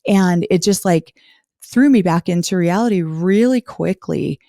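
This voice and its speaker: A woman's voice: fairly low pitch, measured pace, dark tone, no echo, studio quality. A woman guest candidly recounting her own life story in an interview. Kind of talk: personal life story in conversation.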